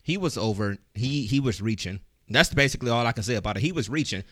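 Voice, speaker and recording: Steady male podcast host, dry sound. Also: mid-range voice, fast, no echo. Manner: steady, reflective, steering the topic. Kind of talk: casual podcast chat.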